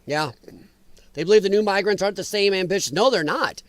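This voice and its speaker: A man hosting a live talk stream, chatting casually and bluntly as he reads and answers viewer comments, animated and quick to laugh. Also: sits high, no echo. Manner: animated, blunt and opinionated, laughs and talks back to chat. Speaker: livestream talk show host.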